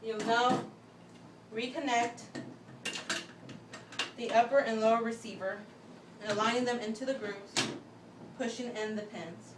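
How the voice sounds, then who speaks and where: A young woman giving a step-by-step class demonstration speech, talking methodically with pauses and restarts. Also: a little high, steady tone. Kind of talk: step-by-step instructional demo. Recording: echoey room, voice from a distance, faint background hum.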